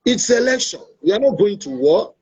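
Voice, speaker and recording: Nigerian guy hosting his own show, a bit husky and high, dull lo-fi stream sound. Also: big pitch swings, normal speed, darkish tone. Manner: earnest, preachy, repeats his points. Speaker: show host. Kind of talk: opinionated talk-show monologue. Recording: dull lo-fi online stream audio.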